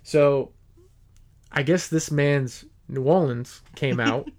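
A young man from New Jersey with a New Jersey accent, hosting a casual podcast chat and telling animated stories. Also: mid-range voice, slow pace. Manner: animated, laughing storyteller acting out quotes. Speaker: podcast host.

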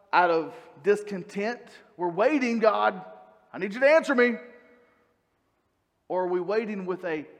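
Man, preacher, sermon, earnest, conversational, high voice, long hall reverb. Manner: earnest, conversational, asks the congregation questions.

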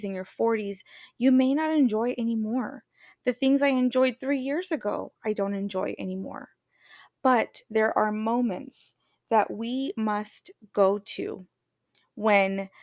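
A woman's voice: on the high side, no echo, clean studio sound. Candid, emphatic woman podcast host. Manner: candid, emphatic, slows down for repeated phrases. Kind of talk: motivational podcast monologue.

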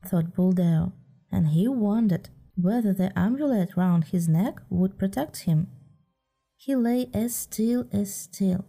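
A woman narrating a storybook tale in a gentle, measured reading. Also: medium pitch.

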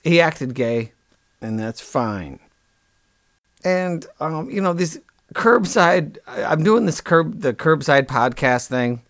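A man hosting a comic podcast, rambling deadpan and correcting himself mid-sentence. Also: medium pitch, dry recording. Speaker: podcast host.

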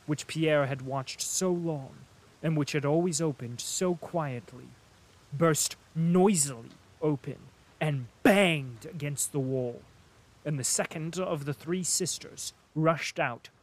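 A male narrator reading a classic novel at an unhurried, measured pace. His voice sits a little high for a man and stays steady through the prose. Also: poor audio. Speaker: audiobook narrator.

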